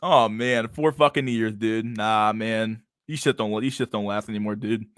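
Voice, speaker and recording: A man's voice: on the low side, fairly even intonation, moderate pace, fairly bright tone, clean tone, dry recording, studio quality. A young man hosting a casual livestream, talking over videos in a rambling, profane way and repeating his words. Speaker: streamer host.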